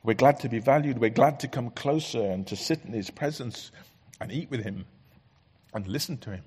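A man with a husky mid-range voice preaches a sermon in a church at normal speed. He sounds earnest and conversational, letting many lines fall soft.

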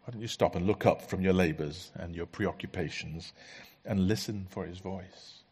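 A man delivers a sermon in a church, talking to the congregation in an earnest, conversational way. His voice sits on the low side and has a husky edge, and he often lets a phrase fall away to something softer. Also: moderate pace. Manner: earnest, conversational preaching with soft dropping asides. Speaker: preacher.

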